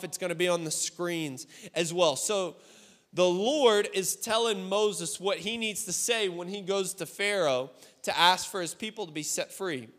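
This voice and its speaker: A man, a high school pastor, giving a youth sermon in a casual, conversational way and asking his listeners direct questions. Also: a bit bright, long reverb tail.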